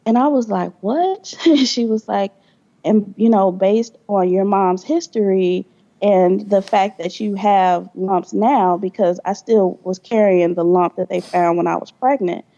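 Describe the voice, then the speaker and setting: A woman's voice: mid-range voice, fairly even intonation, a little slow, dark tone, lo-fi sound. A young adult woman, a podcast guest, telling her story candidly with blunt profanity and acted-out quoted dialogue.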